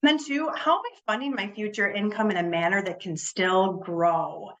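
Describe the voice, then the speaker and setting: Heard through dull audio, a woman speaks at medium pitch and a moderate pace during a laid-back webinar. A financial advisor by trade, she stresses key words while explaining, with plenty of ums and repeated words.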